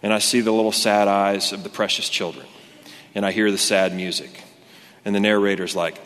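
Guy preaching in a church, kinda low voice, loose and chatty, big hall echo. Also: fairly even intonation, brisk, fairly bright tone. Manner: conversational and earnest, with many fillers and restarts. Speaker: pastor. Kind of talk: sermon. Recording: long hall reverb.

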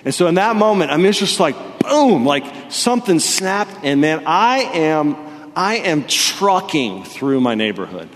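A young man preaching a sermon, telling stories with animated energy that rises loud and high when he gets excited. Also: measured pace. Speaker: pastor. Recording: long reverb of a hall.

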